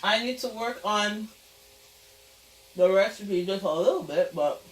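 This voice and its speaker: A woman's voice: mid-range voice, a little slow, recorded from a distance. Woman home cook, chatty and playful, off-mic in a roomy kitchen with faint background hiss. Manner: chatty, playful, talks through each step. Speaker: home cook, channel host. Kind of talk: casual cooking vlog. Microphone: camera mic, back turned, away from it.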